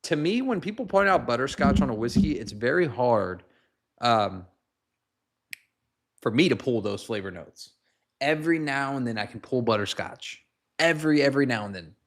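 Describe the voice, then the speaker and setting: Man, casual livestream host, joking, rambling, handheld phone. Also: medium pitch. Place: home, moving to a garage.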